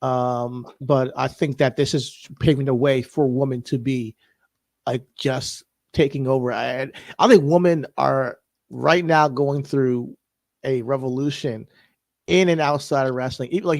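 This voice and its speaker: A man co-hosting a wrestling podcast in casual chat, relaxed and opinionated, slowing down to stress his points. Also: mid-range voice, gravelly, no echo. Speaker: podcast co-host.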